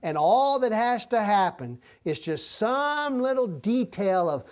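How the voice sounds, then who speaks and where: A man preaching a sermon. He swells loud on key words, drops to a hush for tender moments, and stretches single words out slowly for emphasis. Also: high-pitched, sing-song. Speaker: pastor.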